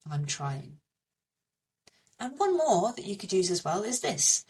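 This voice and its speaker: A woman teaching beginner French, slowly repeating each phrase with care. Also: medium pitch, sing-song, darkish tone, recorded from a distance. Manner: slow, careful repetition of phrases. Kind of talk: beginner language lesson.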